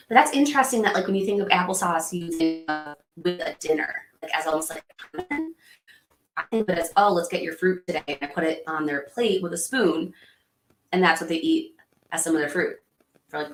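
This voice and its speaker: A woman's voice: fairly low pitch, a bit bright. A woman in her thirties hosting a livestream, chatting casually and rambling as she answers viewer comments. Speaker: livestream host. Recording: echoey room with faint background hum.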